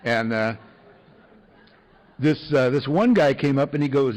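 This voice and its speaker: Guy telling his story, dry and self-mocking, lots of ums and little laughs, mid-pitch voice. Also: normal speed, rough recording. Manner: wry, self-mocking, lots of fillers and chuckles. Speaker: speaker sharing a recovery story. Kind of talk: storytelling to an audience.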